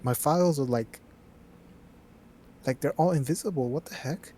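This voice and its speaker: A laid-back co-streamer chatting casually, quick to laugh and swearing now and then. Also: mid-range voice, warm tone. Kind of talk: casual chat on a livestream.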